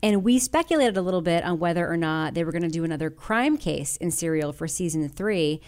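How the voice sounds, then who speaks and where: A woman's voice: lowish voice, lively intonation, a little fast, darkish tone. A woman hosting a podcast of crime writers, chatting and reading listener mail aloud, often laughing. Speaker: podcast host. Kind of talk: casual podcast chat.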